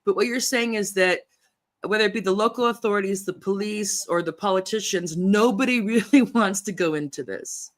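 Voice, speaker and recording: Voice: medium pitch, normal speed. A host running a political interview over a video call, rambling with many fillers and frequent laughs.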